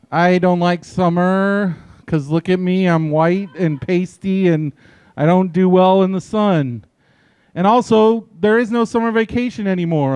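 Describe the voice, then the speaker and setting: A man's voice: high-pitched, a little mellow, clear, resonant tone, no room sound. A man in his forties doing a stand-up set at a small live venue, telling dry, profane stories and acting out quotes. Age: 40s. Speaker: stand-up comedian.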